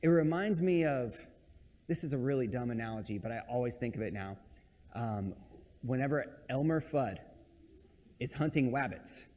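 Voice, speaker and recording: A man's voice: medium pitch, normal speed, pauses often, warm tone, big-room sound, slight background noise. A man preaching a conversational sermon in a church, talking in a casual, joking, self-deprecating way. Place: church sanctuary.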